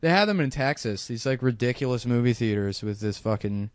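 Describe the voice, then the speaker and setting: A young man co-hosting a comedy podcast, telling a story in a laid-back way, full of fillers and deadpan quotes. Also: mid-range voice, a little fast, dry recording, studio quality. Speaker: podcast co-host.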